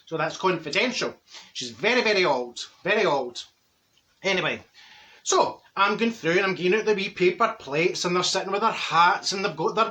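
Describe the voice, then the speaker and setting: A man's voice: high-pitched, pushed and bright. A man playing a blunt, gossipy middle-aged woman from Glasgow with a Glaswegian accent, telling comic stories to camera. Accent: Glaswegian Scottish. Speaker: comic character monologue.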